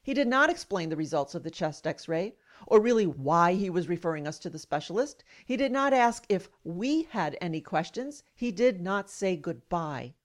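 A woman's voice: fairly low pitch, very animated, normal speed. A woman telling a personal story to listeners, with wry, indignant asides along the way. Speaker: patient advocate.

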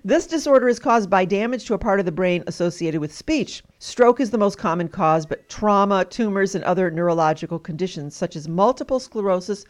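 A woman's voice: medium pitch, animated, brisk, few pauses. A woman hosting a trivia game, cheerfully reading out facts to her guests. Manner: cheerful, reads facts aloud, laughs often. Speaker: host. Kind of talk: hosted trivia game show.

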